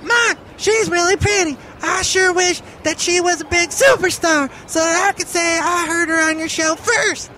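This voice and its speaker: A man voicing a snippy, teasing male sidekick in a squeaky, loud voice. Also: normal speed, few pauses, slight background noise. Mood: wistful.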